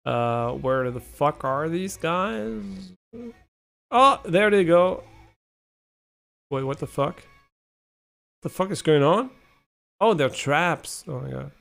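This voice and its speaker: A young man streaming live, giving casual gameplay commentary, excitable and swearing a lot as he talks to his chat. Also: fairly high pitch, slow, vocal fry.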